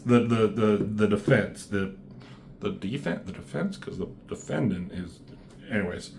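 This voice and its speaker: A man casually recapping a comic issue, rambling and reading panels aloud with quick voiced quotes and casual swearing. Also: on the low side, gravelly, darkish tone, a little hiss or hum. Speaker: comic book reviewer.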